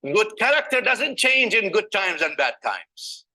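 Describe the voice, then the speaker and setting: Bright-voiced man preaching a sermon. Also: sits high, very animated, a little slow, poor audio. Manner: storytelling, mixing English with Arabic scripture recitation; asks the audience rhetorical questions.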